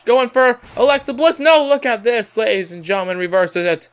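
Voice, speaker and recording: A young man giving excitable play-by-play commentary on a wrestling video game, often laughing and calling out to ladies and gentlemen. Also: high-pitched, moderate pace, clear, resonant tone. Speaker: gameplay commentator.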